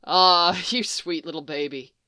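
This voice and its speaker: A woman voicing a gentle, wry man who speaks softly and teasingly, in a fan story reading. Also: mid-range voice, expressive, normal speed, smooth, no echo, studio quality, close to an everyday voice. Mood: tender. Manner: soft, teasing, affectionate. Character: gentle, wry adult man, patient and tender.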